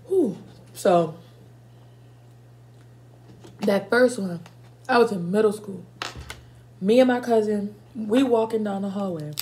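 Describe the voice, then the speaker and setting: Slow-talking young woman vlogger. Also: fairly high pitch, warm tone, a little hiss or hum. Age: 20s. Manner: chatty, blunt and profane, pauses to react to spicy food. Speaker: mukbang vlogger. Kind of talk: casual storytelling while eating.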